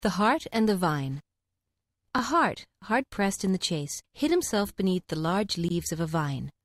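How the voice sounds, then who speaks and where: Expressive woman narrating an audiobook. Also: mid-range voice, unhurried, dry recording, clean studio sound.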